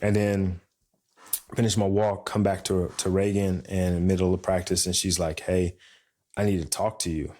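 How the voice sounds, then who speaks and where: Deep-voiced man telling a story. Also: moderate pace. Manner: animated storytelling, acts out quoted voices. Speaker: podcast co-host. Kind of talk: casual chat.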